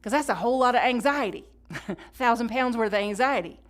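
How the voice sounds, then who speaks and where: A woman's voice: a little high, brisk. Woman pastor giving a sermon with dynamic swings into whispers, plus call-and-response and conversational asides. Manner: swings from loud emphatic lines to hushed whispers; leads the congregation in call-and-response.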